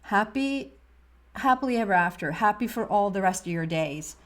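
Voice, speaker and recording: A woman giving a monthly tarot reading in a soft, meandering way, often trailing off and restarting her sentences. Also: medium pitch, expressive, normal speed. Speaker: tarot reader.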